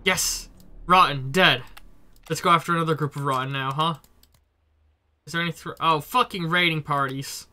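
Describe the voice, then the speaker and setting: A man with a stuffy cold giving casual, excitable commentary while playing a game. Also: a little high, moderate pace, pauses often. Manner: chatty, swearing, excitable reactions. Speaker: let's play streamer. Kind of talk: gameplay commentary.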